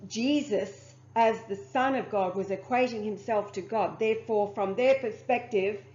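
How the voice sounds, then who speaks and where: A woman's voice: on the high side, darkish tone. A woman reading aloud from a religious text and stopping to comment on it, formal as she reads and chatty in her asides. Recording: muffled, echoey room.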